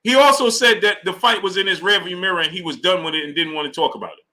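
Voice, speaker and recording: Animated, bright-voiced man hosting a live stream. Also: high-pitched, fast. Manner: animated, talks to chat viewers by name. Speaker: sports live-stream host. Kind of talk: casual live-stream commentary.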